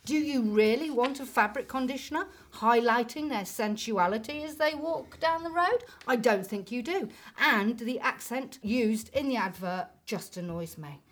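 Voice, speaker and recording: An English woman co-hosting a comedy podcast, ranting in a lively, mock-indignant way. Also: on the high side, moderate pace, few pauses. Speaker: podcast co-host. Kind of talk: casual comedic chat.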